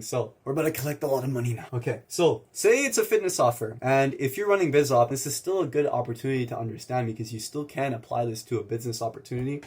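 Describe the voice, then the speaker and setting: A man in a sales coaching talk runs through a sales call at a rapid clip, voicing both himself and the client. His voice is husky and a little rough, and he talks casually and swears freely. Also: mid-range voice, darkish tone. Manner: acts out both sides of sales calls, casual and profane. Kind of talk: energetic sales training talk.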